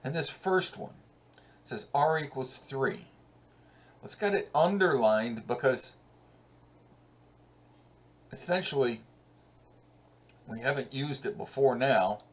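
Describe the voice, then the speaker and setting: A male professor walking through code in a screen-recorded lesson, talking conversationally and thinking aloud as he works. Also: medium pitch. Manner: slow, conversational, thinks aloud while working.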